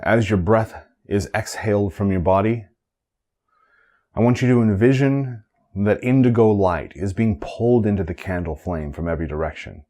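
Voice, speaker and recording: A man giving calm, measured guided meditation instructions, chanting a mantra at times. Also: fairly low pitch. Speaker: meditation teacher.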